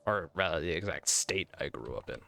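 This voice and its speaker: A man's voice: extremely low pitch, animated, fairly quick, gravelly, bright, forceful tone. An American man streaming a game, rambling and thinking aloud in casual commentary. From United States.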